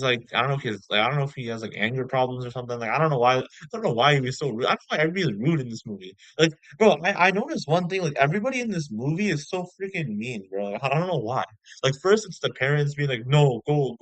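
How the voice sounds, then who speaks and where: Man, casual movie review, rambling, slangy, mid-pitched voice, dry close sound. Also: fairly bright tone, no room sound, low-quality recording. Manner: rambling, slangy, full of fillers like "bro".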